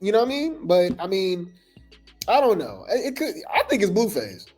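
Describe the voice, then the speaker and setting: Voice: medium pitch, wildly swooping pitch, normal speed, a little mellow, soft background music. A gossip news host talking loosely in slang, full of fillers and restarts. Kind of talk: casual gossip commentary.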